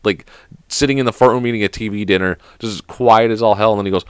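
A man who is currently sick rambles through a casual solo podcast rant, swearing a lot and padding pauses with "like." His voice is lowish and clear with a resonant tone, his intonation fairly even, and he talks quickly on a dry recording.

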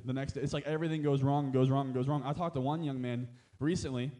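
A man's voice: mid-range voice, fairly even intonation, fast, warm tone. A man preaching a sermon as a pastor, talking in a conversational way with frequent amens and asides, and rising to emphatic exhortation.

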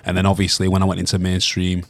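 Man, deep voice, dry close sound, earnest rambling chat. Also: completely flat delivery, fast talker, dry recording. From Hull, England. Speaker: guest, rapper and former teacher. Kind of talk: casual interview chat.

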